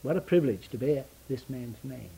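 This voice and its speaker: A man preaching a sermon, asking rhetorical questions and answering them in short, repeated phrases, rising to loud emphasis and then dropping to hushed, slow lines. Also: mid-range voice, gravelly, breathy edge, rough recording. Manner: slow deliberate stresses on key phrases.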